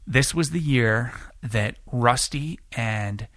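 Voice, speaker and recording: A man's voice: medium pitch, slow, dry recording, clean studio sound. A man in his late twenties telling a long, rambling, profane story in a casual podcast chat. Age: late 20s. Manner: rambling, profane, animated when acting out quotes. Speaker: podcast guest.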